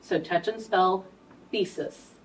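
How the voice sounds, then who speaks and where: A woman's voice: lowish voice, slow. A woman giving a one-on-one structured reading lesson, patiently prompting her student step by step. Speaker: reading tutor. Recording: faint room noise, mic at a distance.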